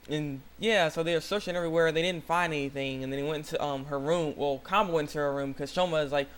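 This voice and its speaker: A young man hosting his own channel, retelling an episode in a rambling, excitable way with lots of fillers and restarts. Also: on the high side, brisk, smooth. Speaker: channel host. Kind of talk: casual anime episode recap.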